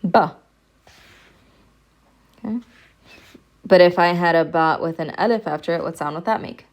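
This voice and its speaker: A woman's voice: lowish voice, a little fast. A woman professor giving a recorded lecture, patiently repeating sounds for her students to hear. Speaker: Arabic language professor.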